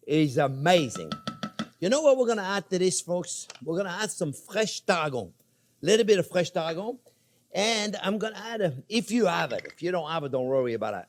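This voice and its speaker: An older man hosting a cooking show, chatting playfully with viewers as he cooks. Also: fairly high pitch. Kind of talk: casual cooking demonstration.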